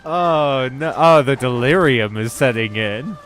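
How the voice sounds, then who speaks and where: Slow rambling male game streamer. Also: mid-range voice, fairly bright tone, slight background noise. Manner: rambling, joking, swears. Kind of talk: casual gaming stream chat.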